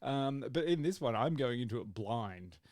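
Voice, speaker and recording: A man's voice: medium pitch, animated, moderate pace, a little mellow, no echo, clean studio sound. A man co-hosting a podcast in casual chat, rambling and acting out his own reactions. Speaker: podcast co-host.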